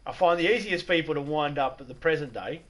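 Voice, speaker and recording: A man's voice: fairly high pitch, fast, a bit bright. A middle-aged Australian man chatting casually on a live stream, joking, swearing and laughing often.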